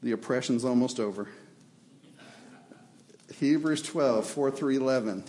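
Speaking unhurriedly in a mellow, mid-range voice, a pastor preaches passionately in an echoey church. He acts out the congregation's prayers along with God's replies.

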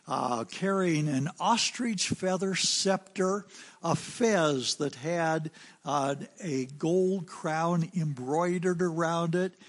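An American man preaching a sermon, telling a story in an unhurried anecdotal way with some fillers. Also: on the high side. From United States.

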